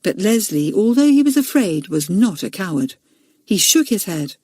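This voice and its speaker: A woman narrating a children's audiobook, expressive and voicing each character. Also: medium pitch, normal speed, breathy edge, no echo, studio quality. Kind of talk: storybook narration.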